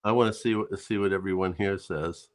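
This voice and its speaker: Man, livestream co-host, lowish voice, halting, filler-heavy storyteller. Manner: halting delivery with repeated words and fillers. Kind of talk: casual chat, telling jokes.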